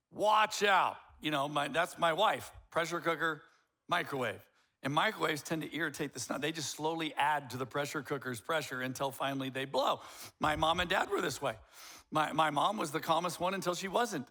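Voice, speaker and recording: Bright-voiced middle-aged male pastor. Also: on the high side. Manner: animated, acts out quoted voices. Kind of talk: sermon.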